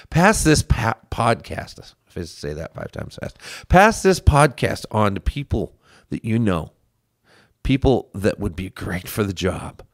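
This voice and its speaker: A man's voice: lowish voice, no echo, studio quality. A man hosting a political podcast, speaking earnestly as he urges listeners to get involved. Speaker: podcast host. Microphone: studio microphone.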